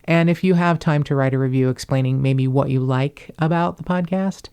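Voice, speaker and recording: A woman's voice: a bass voice, moderate pace, warm tone, clean tone. A woman from the Cincinnati area hosting a podcast, chatting in a rambling way with wry asides. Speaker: podcast host. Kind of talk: casual chat.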